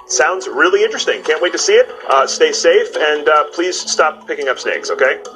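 A man's voice: fairly high pitch, moderate pace, low-quality recording. A man in his forties hosting a show, chatting playfully with a guest and narrating segments. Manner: playful, joking, lively delivery. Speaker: host. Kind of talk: energetic TV host chat and narration. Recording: music bed under the voice.

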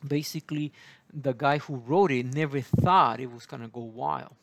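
A man, preaching in a rambling, halting way full of fillers and asides. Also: medium pitch, gravelly, no echo. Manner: digressive, halting, many fillers. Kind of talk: rambling Bible teaching.

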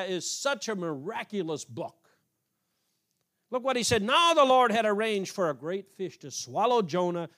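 A man from an Amish background preaching, reading scripture aloud and commenting in a halting, repetitive way. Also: high voice, fairly bright tone. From Amish community. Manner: halting, repeats words while reading aloud. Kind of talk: informal sermon reading scripture.

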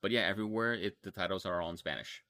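A man's voice: low voice, quick pace, sharp tone, no room sound. A young man from Texas with a Texan accent, hosting a casual podcast chat about anime and rambling through restarts and fillers. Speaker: podcast host.

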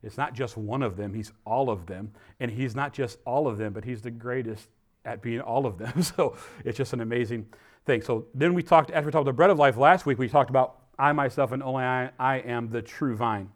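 A pastor giving a conversational sermon, often pausing on fillers and growing emphatic when he quotes scripture. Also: mid-range voice. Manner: conversational, rambling with fillers and restarts.

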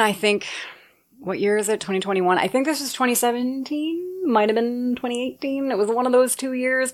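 A woman from Nebraska telling a personal story in a casual way, excitable, swearing freely and laughing as she goes. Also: medium pitch. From Nebraska, USA.

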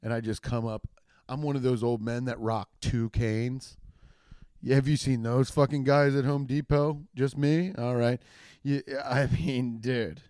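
A man's voice: medium pitch, steady tone, a little slow, a little mellow, smooth, dry recording, studio quality. A man doing a loose, crude comedy monologue, swearing often and laughing at his own jokes. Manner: trails off and restarts a lot.

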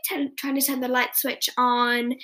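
Girl rambling through a show recap on her podcast, high voice, lots of "like" and restarts. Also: little pitch movement, a little slow, a bit bright. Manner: chatty, rambling with self-corrections. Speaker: podcast host. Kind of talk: casual episode recap.

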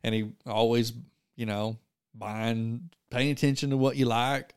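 Man, smooth clear voice, laid-back, short agreeing replies, casual podcast chat. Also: mid-range voice, steady tone, measured pace. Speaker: podcast co-host.

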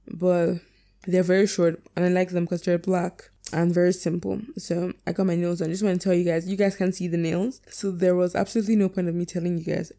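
A young woman hosting a podcast, rambling chattily through her outro, self-deprecating, swearing casually and slurring words as she rushes. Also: on the low side, gravelly, dark tone. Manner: fast, slurred enunciation. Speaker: podcast host.

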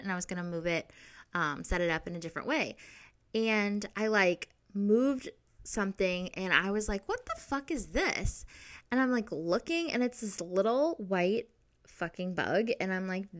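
A woman's voice: medium pitch, a bit bright. A young adult woman hosting a podcast, telling a story in a casual, rambling way, full of filler words and frequent swearing. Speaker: podcast host.

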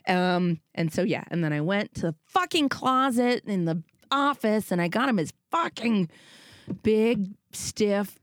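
A woman's voice: mid-range voice, a little slow, dry recording, clean studio sound. A woman in her thirties, a parent, chatting casually and acting out her own lines as she tells stories. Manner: animated storytelling, swears, acts out her own voice. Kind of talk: casual chat.

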